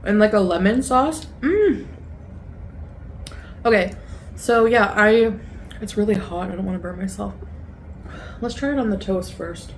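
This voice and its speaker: A woman's voice: medium pitch, measured pace, pauses often, a little hiss or hum. A woman in a food vlog casually describing her meal and her breakfasts. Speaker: food vlogger. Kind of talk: casual chat.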